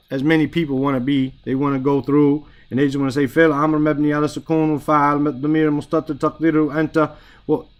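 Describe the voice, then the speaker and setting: A man's voice: a little high, a bit bright. Man teaching Arabic grammar on a call. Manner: casual, explains in English and recites Arabic phrases, asks "right?" often. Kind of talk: online Quran grammar class.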